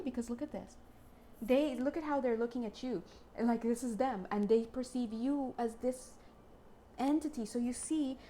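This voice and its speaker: A woman gives viewers a casual spiritual card reading, chatty and excitable, frequently dropping into playful little voices. Her pitch is fairly high, and a bit of hiss or hum sits under the audio.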